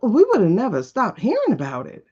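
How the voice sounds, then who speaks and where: Her voice is medium-pitched, dark and husky, moving briskly through huge pitch swings. As host of a live tarot stream, she speaks bluntly and casually, repeating profane rhetorical questions in opinionated talk, over dull lo-fi audio.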